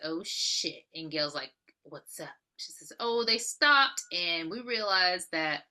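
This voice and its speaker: Woman podcast co-host, bright and punchy, loose profane storyteller. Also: lowish voice. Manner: profane, animated storytelling, acting out characters' lines. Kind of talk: casual movie recap chat.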